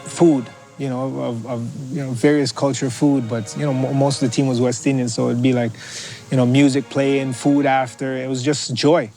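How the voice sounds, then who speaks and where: Man from scarborough, reflective interview, halting speech, faint music under. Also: medium pitch, little pitch movement, mellow, low-quality recording. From Scarborough, Canada. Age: adult. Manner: halting, many restarts and fillers. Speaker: interviewee, athlete.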